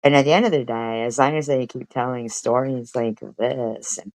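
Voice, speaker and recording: A woman's voice: a bass voice, fairly even intonation, normal speed, a little mellow, no room sound, rough recording. A woman live streamer arguing in a profane, confrontational and mocking way. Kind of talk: heated live-stream commentary.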